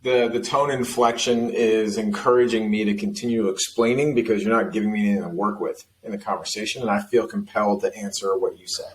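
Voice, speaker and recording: A man hosting a casual sales podcast, talking in a relaxed, rambling way. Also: on the low side, fairly quick, few pauses, slight background noise, poor audio. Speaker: host.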